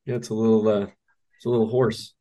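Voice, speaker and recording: A man's voice: on the low side, level tone, quick pace, warm tone. A middle-aged man co-hosting a youth basketball coaching podcast, chatting easily with fillers. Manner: easygoing, with fillers. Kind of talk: casual podcast chat.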